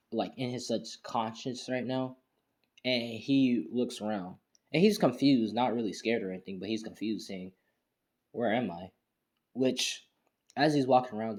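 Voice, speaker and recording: A man's voice: on the low side, darkish tone. A young man casually telling a fan story in a rambling way, with a lot of fillers and restarts.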